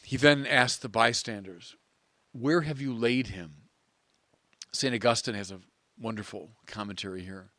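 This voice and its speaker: A priest preaching a sermon in an earnest, measured way with emphatic pauses. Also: male voice, on the low side, fairly bright tone, no room sound.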